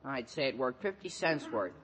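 A lazy teenage boy with a slow, deadpan drawl. His voice stays mid-pitched and unhurried. This is 1940s radio comedy acting. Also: husky. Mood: smug. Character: lazy, dry-witted teenage boy sidekick.

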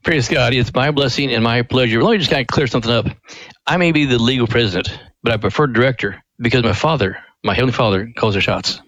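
An older man, a ministry president, telling a story in an earnest, animated way during a radio interview. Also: mid-range voice, fast, dry recording, poor audio.

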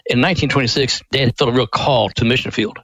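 An older man from Missouri tells a family story in a folksy, unhurried way. He speaks at a middle pitch, and his voice is close and dry with no room sound. He is earnest and devout, and he brings quoted people to life as he goes. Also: fairly bright tone, husky, no echo, rough recording. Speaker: ministry director, guest.

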